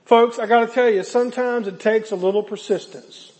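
A man's voice: high voice, steady tone, fairly quick, a little mellow, long reverb tail. A man preaching a sermon, retelling a scripture story dramatically and earnestly. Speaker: pastor.

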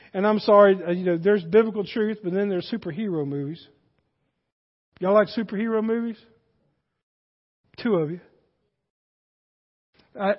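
A man preaching a sermon in a folksy manner that rises to emphatic peaks, heard in a church sanctuary. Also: sits high. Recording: dull, hall reverb.

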